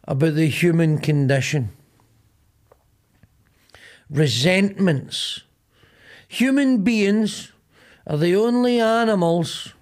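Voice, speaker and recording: Middle-aged Glasgow man, podcast host, rambling sweary storyteller, voice sits a touch high. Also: darkish tone. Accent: Glaswegian Scottish. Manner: rambling, sweary storyteller acting out both sides of arguments. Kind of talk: casual comedic chat.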